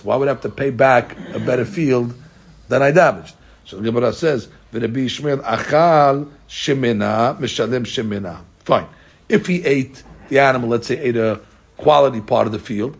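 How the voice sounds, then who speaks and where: Man, Talmud teacher, husky voice, casual explaining, rhetorical questions, lots of uh. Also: mid-range voice. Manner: reads out Aramaic text and explains it in casual English; asks rhetorical questions, many filler "uh"s. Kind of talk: daily Talmud class.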